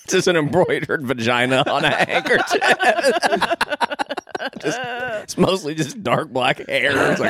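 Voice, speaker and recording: A man co-hosting a podcast, chatting casually and throwing in quick jokes. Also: fairly high pitch, huge pitch swings, bright, forceful tone, husky, no echo, studio quality. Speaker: podcast co-host. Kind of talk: casual chat.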